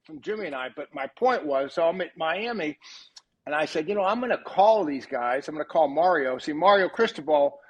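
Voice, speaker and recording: An older man with a husky, slightly hoarse voice that sits a bit above the usual male pitch. He tells casual stories as a podcast guest and jumps into lively quoted dialogue as he goes. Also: fairly quick, muffled recording. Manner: animated storyteller who acts out quoted dialogue. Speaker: podcast guest, retired football coach. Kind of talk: casual anecdotal storytelling.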